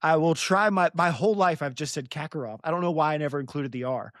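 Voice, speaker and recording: A man's voice: fairly high pitch, fast, fairly bright tone, no echo, clean studio sound. A young American man hosting a podcast, recapping chapters in a rambling, self-deprecating way and laughing easily. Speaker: podcast host. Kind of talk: casual recap chat.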